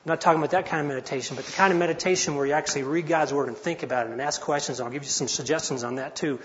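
A man in his forties with a somewhat high voice teaches in an earnest, chatty manner, often backing up to restart his sentences. His voice rings in a reverberant hall, and the recording sounds a little dull and muffled. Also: steady tone, rapid-fire, a bit bright, slight background noise. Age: 40s. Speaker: Bible study teacher. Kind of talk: informal teaching talk.

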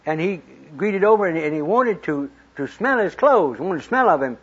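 A man's voice: high-pitched, expressive, moderate pace, a bit bright, breathy edge. A man preaching a sermon, retelling scripture stories in a folksy, plain-spoken way and acting out the quoted lines. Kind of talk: storytelling sermon. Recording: dull lo-fi recording.

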